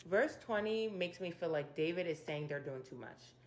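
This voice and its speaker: A woman hosting a casual Bible chapter breakdown, retelling the story in her own slangy words with animated, opinionated asides. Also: fairly low pitch, normal speed, slight background noise. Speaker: Bible study video host.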